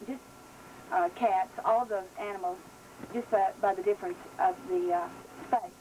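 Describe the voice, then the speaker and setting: A woman's voice: medium pitch, darkish tone, slight background noise, poor audio. A woman with a Southern accent teaching gospel clowning and balloon twisting in a folksy, chatty way with many fillers. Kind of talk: casual instructional talk.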